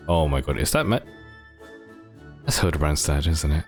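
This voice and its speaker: A man's voice: a bass voice, big pitch swings, moderate pace, pauses often, faint music behind. A man live-streaming a game, reacting in a chatty, wry way. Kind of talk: casual live-stream commentary.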